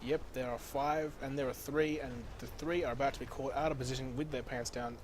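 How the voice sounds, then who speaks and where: An Australian man doing play-by-play commentary on a video game match. He gets louder and faster as the fights heat up. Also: medium pitch, slight background noise. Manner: excitable, speeds up and gets loud in fights. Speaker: esports caster.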